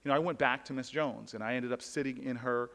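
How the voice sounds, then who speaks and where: A man's voice: medium pitch, fairly even intonation, fast talker, gravelly, a bit bright. Man, public speaker, earnest storytelling, restarts often, long hall reverb. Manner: earnest, with frequent restarts and repeated words. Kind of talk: personal storytelling speech.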